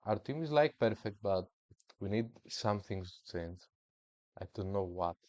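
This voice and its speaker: A man's voice: on the low side, animated, a little slow, a little mellow, no room sound, dull audio. Laid-back man streaming a football game. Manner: hyped, playful, slangy trash talk. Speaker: gaming streamer. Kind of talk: casual gameplay commentary.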